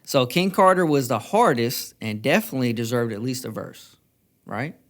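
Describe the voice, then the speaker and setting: Animated, teasing podcast co-host man. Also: mid-range voice, normal speed. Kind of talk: casual album review chat.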